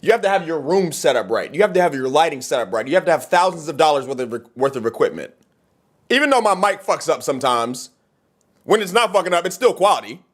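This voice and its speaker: A man's voice: on the high side, fast. A man making a heated, profane monologue video, ranting to the camera as a content creator. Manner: heated, profane, animated rant.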